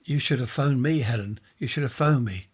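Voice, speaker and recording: A man's voice: medium pitch, fairly quick, husky, pitched above the performer's own voice, lightly acted. A man reading a ghost story, voicing a flustered, worried mother who pleads and frets. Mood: anxious.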